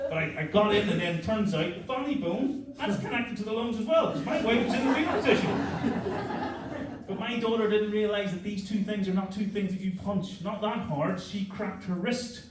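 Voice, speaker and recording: A middle-aged Northern Irish man with a local accent does a crude, self-mocking stand-up set on a comedy club stage, his voice sitting high at a moderate pace. The recording is echoey and noisy, captured from a distance with crowd laughter.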